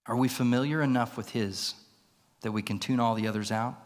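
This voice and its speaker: A man's voice: mid-range voice, fairly even intonation, fairly quick. A male pastor telling a story in a sermon, vividly acting out the voices in it. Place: church sanctuary. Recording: long reverb in a church hall.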